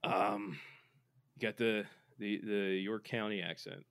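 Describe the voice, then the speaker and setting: A man's voice: on the low side, steady tone, a little slow, fairly bright tone, clean tone. A man co-hosting a podcast in casual chat, joking and playful, reading listener messages aloud. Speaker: podcast co-host.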